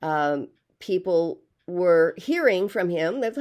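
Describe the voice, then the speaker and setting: A woman's voice: lowish voice, animated, slow pace, few pauses, a little mellow. An older woman vlogging in a casual monologue, rambling and hesitant with many fillers.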